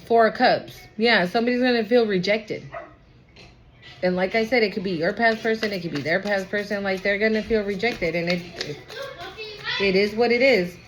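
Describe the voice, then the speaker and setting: A woman's voice: medium pitch, normal speed. Lady doing a tarot reading, rambly and emotional, noisy room behind her. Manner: chatty, emotional, trails off and restarts. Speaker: tarot reader. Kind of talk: casual tarot reading to viewers. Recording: background noise.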